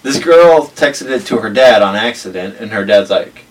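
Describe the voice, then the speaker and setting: A man's voice: fairly low pitch, expressive, normal speed. A young man telling funny stories in a casual chat, acting out the quoted voices. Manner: storytelling, acts out quoted voices. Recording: distant mic with faint noise.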